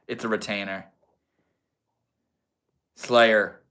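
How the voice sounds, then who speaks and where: A man's voice: lowish voice, steady tone, very slow, a bit bright. A young man from Maine hosting a casual livestream, chatting in a slangy, laid-back way and answering viewers. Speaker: livestream host.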